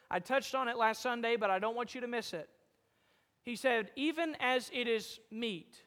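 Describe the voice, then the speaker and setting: A man preaching to his congregation, with a very high and bright, ringing voice. He quotes old-style scripture and swings from loud emphatic peaks to quiet, low-spoken lines. A long reverb trails his words. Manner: quotes King James scripture. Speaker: pastor. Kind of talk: sermon.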